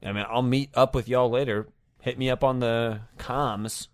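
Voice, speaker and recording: A man's voice: mid-range voice, fairly even intonation, normal speed, no echo, studio quality. A man speaking bossily and with emphasis while role-playing a character at a tabletop game. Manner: bossy, emphatic. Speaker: player.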